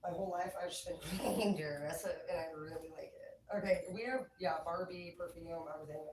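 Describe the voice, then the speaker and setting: Low-voiced woman rambling far from the mic. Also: fairly even intonation, fairly quick, darkish tone. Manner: rambling, profane, filler-heavy talk. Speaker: livestreamer. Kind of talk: casual livestream chat. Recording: echoey room, far from mic, faint noise.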